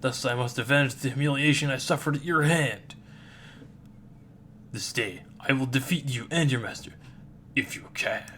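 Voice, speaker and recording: A man voicing an ancient, fiercely loyal male guardian ghost who speaks in a loud, formal, bombastic way. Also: mid-range voice, normal speed, pauses often, slight background noise, close to an everyday voice. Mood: bellowing.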